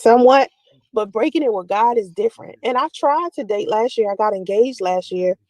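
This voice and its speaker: A woman's voice: a little high, fairly quick, a little mellow, no echo, poor audio. A woman talking at length about her family and personal life, rambling and confessional, full of "like" fillers. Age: adult with a daughter. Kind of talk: personal talk to camera.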